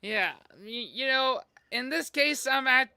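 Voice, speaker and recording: Bright-voiced American man, halting chat. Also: extremely high pitch, clean tone, no room sound. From United States. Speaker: reaction video host. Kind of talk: casual chat.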